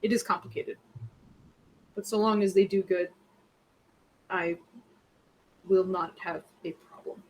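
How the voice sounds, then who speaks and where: A woman's voice: lowish voice, fairly even intonation, unhurried, long pauses, a little mellow. A woman voicing a proud, possessive phoenix spirit in a tabletop game, speaking in stern declarations.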